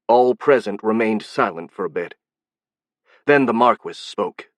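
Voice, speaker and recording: A man narrating a fantasy audiobook in a steady, even storytelling manner. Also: on the low side, normal speed, no echo. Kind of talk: scripted narration.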